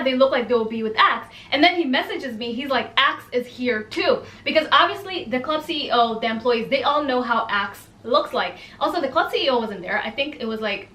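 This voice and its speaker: A young woman telling a casual storytime to camera, animated and exasperated, acting out the people she quotes. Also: a little high, echoey room.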